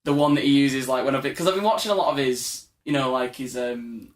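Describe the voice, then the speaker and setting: A man's voice: medium pitch, fast. A young man, co-hosting a podcast at his house in casual, rambling chat, laughing and swearing freely. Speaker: podcast co-host. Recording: echoey room.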